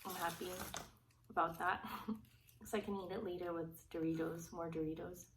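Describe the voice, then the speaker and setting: A woman with a lowish, soft-spoken voice rambles casually as she eats on camera for a mukbang. She talks in loose, unhurried bits between bites. She sits a little back from the mic, with a faint hiss under her voice. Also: fairly even intonation, far from the mic. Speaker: mukbang vlogger. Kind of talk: casual chat while eating.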